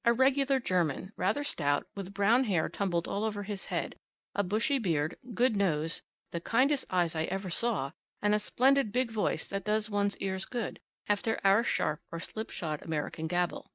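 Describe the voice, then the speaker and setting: Woman, New Zealand accent, audiobook narrator, expressive storytelling, mid-range voice, dry close mic. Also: medium pitch, moderate pace, dry recording. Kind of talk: scripted audiobook narration in first person.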